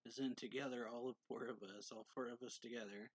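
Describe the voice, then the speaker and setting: A man's voice: mid-range voice, fairly even intonation, fairly quick, husky, no room sound, poor audio. A man giving a casual, rambling recap of a manga chapter, reading characters' lines with small lifts in his voice. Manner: retells scenes loosely, acting out characters' lines with slight lifts. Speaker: manga reviewer.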